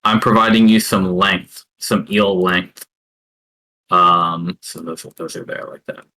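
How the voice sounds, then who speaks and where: A man narrating as game master of a tabletop game, hesitant and full of filler pauses. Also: low voice, steady tone, pushed and bright, low-quality recording.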